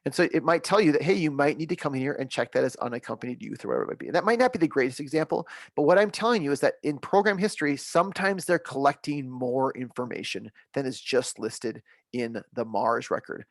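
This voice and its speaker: Upbeat man leading a software webinar. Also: mid-range voice, quick pace, creaky, few pauses, no echo. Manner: upbeat, reassuring, repeats key points. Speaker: software trainer. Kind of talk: webinar training walkthrough.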